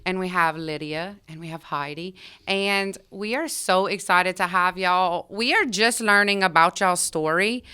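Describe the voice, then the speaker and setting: A woman's voice: on the low side, unhurried, sharp tone, smooth. A woman with a Cajun Louisiana accent hosting a casual chat show, bantering playfully with her co-host.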